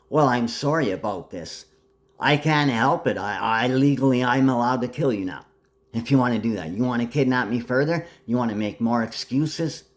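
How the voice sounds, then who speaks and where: A man delivering a rambling, agitated monologue full of threats, jumping between topics. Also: medium pitch.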